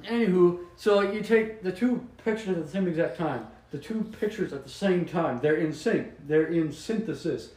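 A man co-hosting a podcast, rambling through absurd mock explanations in a deadpan way and laughing at his own jokes. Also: high-pitched, normal speed, hardly any pauses, echoey room, poor audio. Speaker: podcast co-host. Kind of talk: joking casual chat.

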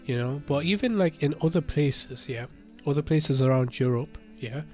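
A man's voice: medium pitch, moderate pace, a little mellow, faint music behind. A young man, chatting casually as a podcast co-host, peppering lines with tags and frequent laughter. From United Kingdom. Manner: slangy, laughs often, tags lines with innit. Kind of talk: casual chat.

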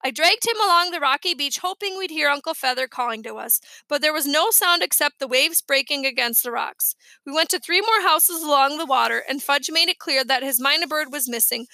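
A woman with a high, bright voice reads a children's chapter book aloud. Her storytelling is lively and expressive, and the recording is close and dry. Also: no echo. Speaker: audiobook reader. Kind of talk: storybook narration.

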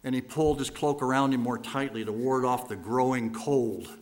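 In this dramatic sermon, a man with a middle-range voice tells stories from the pulpit. His repetition builds momentum, and he shifts from booming bursts to hushed, drawn-out passages.

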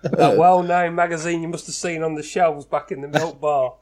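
A man's voice: a little high, fairly even intonation, moderate pace, a little mellow. A man hosting a casual quiz chat with friends, joking and teasing as he reads out scores. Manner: jokey, laughing, teasing quiz host. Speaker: host.

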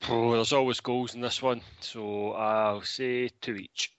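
A man's voice: medium pitch, steady tone, measured pace, clean tone, no echo. A Scottish man co-hosting a casual podcast, wry and self-mocking in his remarks. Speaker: podcast co-host. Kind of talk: casual chat. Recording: dry, dull lo-fi podcast audio.

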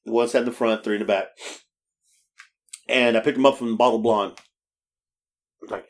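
A man's voice: mid-range voice, normal speed, long pauses. A man telling stories in casual chat on a podcast. He laughs often, swears freely and acts out the voices of the people he quotes. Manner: animated, laughing storyteller with frequent restarts. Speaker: podcast co-host.

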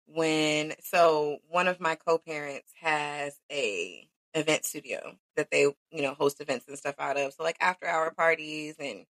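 A woman's voice: low voice, unhurried, hardly any pauses, fairly bright tone, no room sound. A woman co-hosting a podcast, talking in a supportive, conversational way in a casual chat, with frequent "like". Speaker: podcast co-host.

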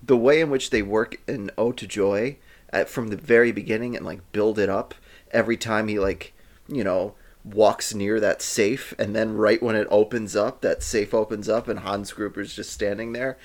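A man's voice: lowish voice, steady tone, moderate pace. A man in casual conversation about movies, talking with enthusiasm. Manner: enthusiastic, fond.

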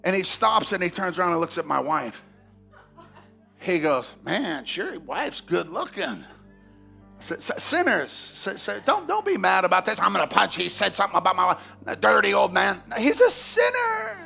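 Gravelly high-voiced preacher man. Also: moderate pace, soft background music. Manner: animated storytelling, swings from hushed to shouting. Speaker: pastor. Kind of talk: sermon.

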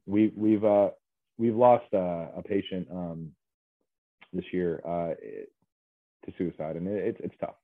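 A man with a very deep voice talks as an interview guest, earnest and halting. His voice comes through a tinny, phone-like line with a dry, close sound. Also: fairly even intonation, no room sound. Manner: earnest, halting, many fillers. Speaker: guest, mental health specialist. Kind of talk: casual interview chat.

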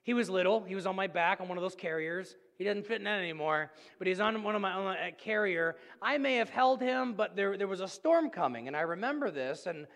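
A man preaching a sermon as pastor, earnest and storytelling, swinging between loud and hushed. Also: high voice, animated, a little fast, hardly any pauses, big-room sound.

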